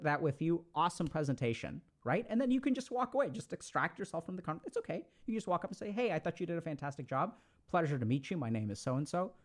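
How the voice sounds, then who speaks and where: A man giving casual advice to an audience, talking in an animated, conversational way and acting out little quoted exchanges. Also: fairly high pitch. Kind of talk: casual motivational talk.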